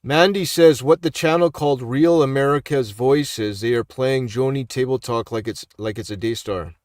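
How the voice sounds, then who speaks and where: A man's voice: mid-range voice, moderate pace, a little mellow, no room sound, studio quality. A middle-aged man, a street minister, chatting casually as he reads posts aloud and keeps asking "all right?" in a preachy way. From Canada. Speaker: street minister and YouTube commentator. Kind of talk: casual live commentary reading online posts.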